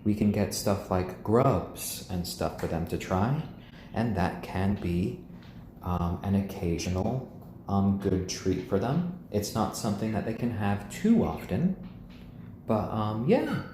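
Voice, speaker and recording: A man hosting a casual home live stream, gently cooing to his pet chickens and chatting with viewers. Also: on the low side, animated, measured pace, roomy sound, a little hiss or hum. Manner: chatty, answers viewers' comments.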